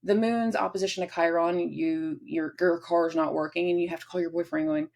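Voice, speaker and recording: A woman's voice: on the low side, steady tone, vocal fry, darkish tone. A woman hosting a casual astrology forecast, rambling and acting out little everyday scenes. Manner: rambling, acts out little scenes in quick voices. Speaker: astrology host.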